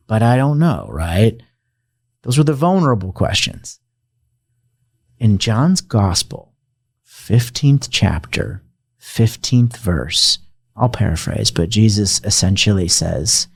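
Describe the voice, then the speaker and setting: A man with a low, husky voice talks very slowly as he tells his personal testimony, emotional and reflective. The sound is dry and close. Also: lively intonation, a little mellow, no echo. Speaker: guest.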